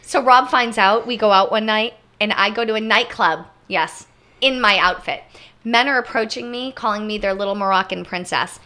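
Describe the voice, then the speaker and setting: A woman co-hosting a travel podcast, telling stories in a lively, chatty way and speaking straight to her listeners. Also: medium pitch, normal speed. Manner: animated storyteller, addresses listeners directly. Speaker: podcast co-host. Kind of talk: casual travel story chat.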